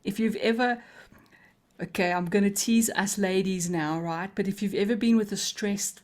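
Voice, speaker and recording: Calm, melodic woman coach teaching slowly. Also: medium pitch. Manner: calm, slow and melodic, with deliberate pauses. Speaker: coaching trainer. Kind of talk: live coaching webinar teaching.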